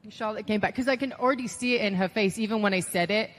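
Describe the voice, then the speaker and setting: With a big-room sound around her, a woman speaks fast at a medium pitch while telling stories in a casual interview as a guest. Her chatty delivery is full of "like" and lively quoted voices.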